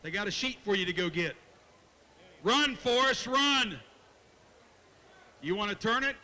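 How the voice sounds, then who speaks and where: A man working as a livestock auctioneer at a county fair, chanting bids in a fast rhythm and joking folksily with bidders. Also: sits high, lively intonation, pushed and bright, long reverb tail. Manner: folksy, jokes with bidders and kids. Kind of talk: rapid auction chant and announcements. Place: county fair show arena.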